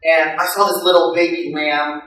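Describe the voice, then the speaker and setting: A man's voice: fairly high pitch, moderate pace. A man in his thirties from the United States, telling self-deprecating stand-up stories to a live audience in an echoey venue, heard from a distant mic. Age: 30s. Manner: animated, self-deprecating storytelling. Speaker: stand-up comedian. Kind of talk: stand-up storytelling.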